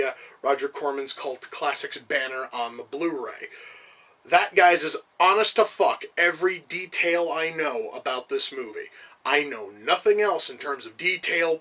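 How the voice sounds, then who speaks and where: A man's voice: fairly high pitch, sharp tone, poor audio. A man giving casual reaction commentary on a film, with profane, exasperated rants. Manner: profane, exasperated ranting asides. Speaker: movie reviewer.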